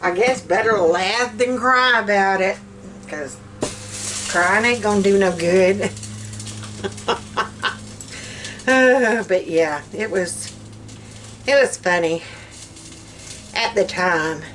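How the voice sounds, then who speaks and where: Slow-talking Southern woman vlogging. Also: medium pitch, a bit bright, slight background noise. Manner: folksy, laughs often while talking. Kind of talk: casual chatty vlog. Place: home kitchen.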